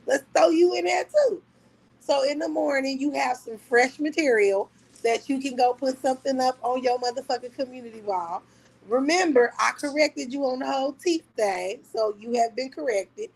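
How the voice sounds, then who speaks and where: A high-voiced woman holds forth on her livestream in a loose, casual rant. She mocks her target with profane trash talk and breaks into laughter often. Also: normal speed, gravelly, low-quality recording. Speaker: livestream host. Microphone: talking to a phone on a live stream.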